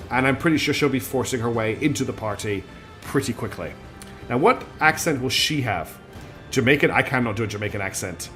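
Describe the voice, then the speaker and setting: A man's voice: medium pitch, fairly bright tone. A man streaming a game, chatting casually in a rambling, self-deprecating way. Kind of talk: casual gaming commentary.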